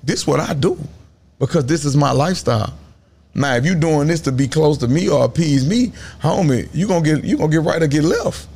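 A man with a Louisiana accent, a guest in a casual interview, talking in slow, emphatic stories full of Southern slang. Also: a little high, animated, darkish tone.

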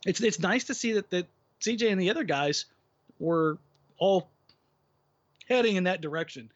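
A man co-hosting a basketball podcast talks in long, rambling, opinionated runs and keeps restarting his thoughts. His voice sits a little high. The recording sounds dull and muffled. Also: moderate pace. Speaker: podcast co-host. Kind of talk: casual basketball podcast chat.

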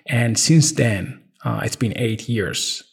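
A man in his thirties with an Italian accent, chatting casually as a podcast co-host, halting with many ums and restarts. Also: mid-range voice, creaky, husky. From Italy. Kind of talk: casual chat.

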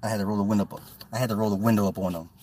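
A man's voice: on the low side, steady tone, rapid-fire, warm tone, far from the mic, slight background noise. A man ranting bluntly and profanely on a casual livestream from his car, often repeating words as he talks to his viewers. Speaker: livestream host.

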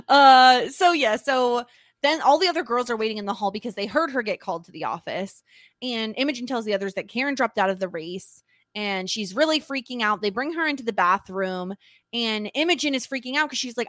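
Animated higher-voiced woman recapping. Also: a little fast, no echo, clean studio sound. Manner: animated, acts out characters' lines while retelling. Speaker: podcast co-host. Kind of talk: casual recap chat.

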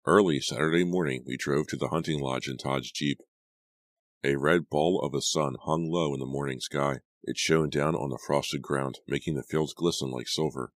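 A man reading a young adult horror novel aloud as a steady audiobook narrator. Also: extremely low pitch, moderate pace, no room sound. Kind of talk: scripted narration.

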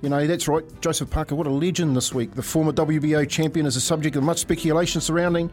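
A man's voice: fairly high pitch, steady tone, fast, a little mellow. New man telling a story over faint music. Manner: storytelling, laughing. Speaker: radio co-host. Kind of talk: casual sports radio banter.

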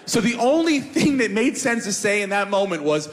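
A man telling a comic story on a podcast in an animated, profane, self-mocking way. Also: high voice, normal speed, big-room sound.

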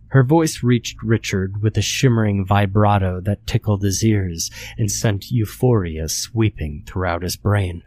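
A man narrating a horror story in a steady, measured storytelling manner. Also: fairly low pitch.

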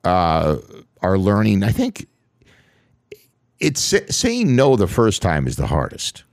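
A man's voice: sits low, huge pitch swings, slow, no echo, clean studio sound. A middle-aged man co-hosting a podcast, talking casually with many restarts and reassuring interjections. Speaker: podcast co-host. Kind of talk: casual chat.

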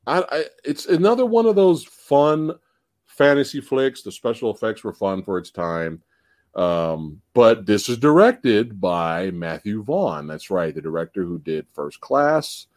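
A man hosting a casual live-stream podcast about movies, animated, laughing often and swearing casually. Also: mid-range voice, dry recording. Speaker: podcast host.

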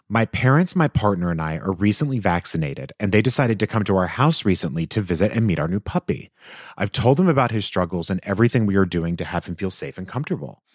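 A man hosting an advice podcast, reading a listener's letter aloud with animated, expressive delivery and the odd aside. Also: fairly low pitch, no room sound, clean studio sound.

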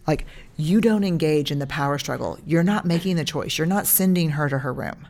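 A woman's voice: deep voice, fairly quick, hardly any pauses, darkish tone. A woman in her forties, a guest in a casual podcast chat, who acts out what she says to her children.

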